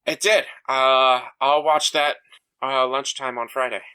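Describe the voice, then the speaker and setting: A young man co-hosts a casual podcast, talking in an emphatic, animated way full of fillers and restarts. His voice is strikingly bright and forceful, with a medium pitch. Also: unhurried, clear, resonant tone. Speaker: podcast co-host. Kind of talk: casual chat.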